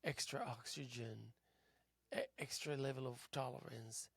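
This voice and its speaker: A tired man hosting a local TV show, musing aloud in a halting philosophical monologue that drifts into soft whispers. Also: mid-range voice, steady tone, gravelly, breathy edge, no echo. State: tired, yawning. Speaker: host. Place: local cable TV studio.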